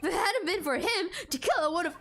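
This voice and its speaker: A woman voicing a loud, brash male police detective who blusters protectively in a game. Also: very high voice, animated, a little fast, slight background noise, voice pushed up, full character voice. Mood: indignant.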